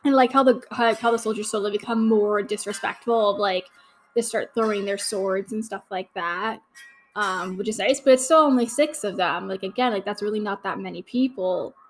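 A woman's voice: medium pitch, normal speed, soft background music, poor audio. A young woman hosting a podcast, chatting casually through a watch-along commentary, gushing and full of fillers. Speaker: podcast host.

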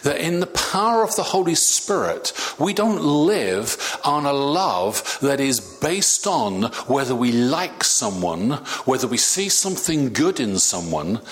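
Animated, stammering male preacher. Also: medium pitch, takes it slowly. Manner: animated, many stammered restarts. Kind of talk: sermon.

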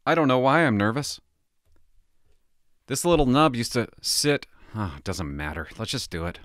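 A man's voice: medium pitch, animated, normal speed, fairly bright tone, no room sound. Nervous chatty man, dry close sound. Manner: nervous, laughing, talks to himself while tinkering. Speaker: former police officer. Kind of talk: casual vlog narration.

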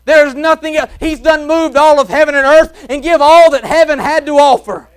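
A man with a Mississippi accent preaching a sermon in folksy Southern speech, shouting some phrases and dropping to a hush on others. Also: very high voice, moderate pace. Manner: swings from shouting to hushed, soft tones; folksy Southern grammar, chuckles while preaching. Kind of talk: revival sermon. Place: church.

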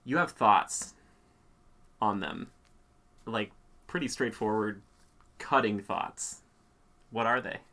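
A man's voice: on the low side, slow pace, vocal fry, pauses often, pushed and bright. A young man hosting a casual family interview, playful and teasing. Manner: playful, teasing, puts on silly voices in quotes. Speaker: host.

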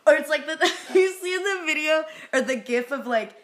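A young woman in casual chat, an animated, giggly storyteller. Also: high-pitched, moderate pace.

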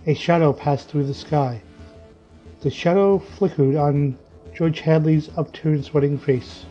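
A man reading a story aloud in a slow, vivid, measured way. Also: on the high side, steady tone. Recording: muffled lo-fi with faint music.

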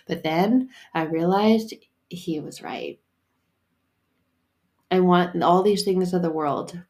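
A woman's voice: on the low side, slow, vocal fry, long pauses, a little mellow. A woman hosting a solo faith podcast, talking in a casual, emphatic and playful way with the odd curse word. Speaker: podcast host and faith coach.

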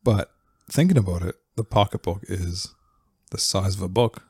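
A man chatting on a podcast in a low voice that is very husky and breathy, with a gravelly fry. He sounds laid-back and chuckles often, recorded dry and close. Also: normal speed, a little mellow, no echo. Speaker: podcast co-host. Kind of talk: casual chat.

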